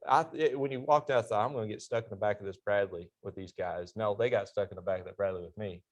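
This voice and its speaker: A fast-talking middle-aged man with a lowish, steady voice shares stories as the interview guest in a church class. An army veteran, he tells them animatedly and laughs at his own punchlines.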